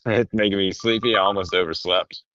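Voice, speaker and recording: A man in casual podcast chat, telling rambling, animated stories and swearing often. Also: on the low side, fairly quick, no room sound, muffled recording.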